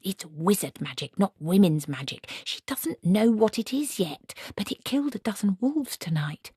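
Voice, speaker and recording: A woman voicing a stubborn, sharp-tongued old witch in an audiobook reading, with indignant clipped outbursts. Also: mid-range voice, expressive, normal speed, slightly rough, no echo, studio quality, pitched above the performer's own voice. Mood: stern.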